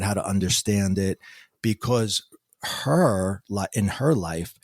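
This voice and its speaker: A middle-aged man, a podcast guest, telling a personal story in an animated way and acting out the quoted dialogue. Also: on the low side, no room sound, studio quality. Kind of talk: storytelling interview answers.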